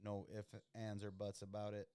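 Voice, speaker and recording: Young male host, very low voice, smooth and dry close-mic sound, casual slangy play-by-play reactions. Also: monotone, moderate pace, dark tone, no room sound. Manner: loose and slangy, reacting to plays. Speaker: podcast host watching football. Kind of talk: casual live-watch commentary.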